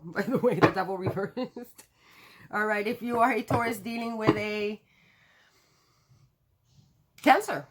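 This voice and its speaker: A woman's voice: mid-range voice, noisy background. A woman reading tarot cards to her viewers in a casual, chatty way, laughing often and cursing now and then. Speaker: tarot reader.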